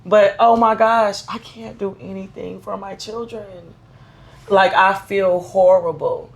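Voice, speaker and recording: This podcast co-host has a medium pitch, fairly even intonation, and a slow pace. She tells personal stories about motherhood in a casual conversation, speaking candidly and emphatically.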